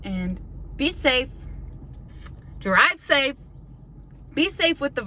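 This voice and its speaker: A woman's voice: sits high, big pitch swings, extremely slow, long pauses, bright, forceful tone, a little hiss or hum, rough recording. A young woman YouTuber in a casual vlog rant, frustrated and defensive. She swears often and rambles with lots of "like". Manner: rambling with filler "like".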